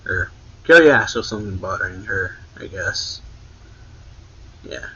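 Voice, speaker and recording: A man with a lowish, husky voice and a sharp, forceful edge, casually retelling a comic chapter. He rambles, stacking fillers and correcting himself as he goes. The recording sounds dull and lo-fi. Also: expressive, a little slow. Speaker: anime reaction channel host. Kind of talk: casual manga chapter recap.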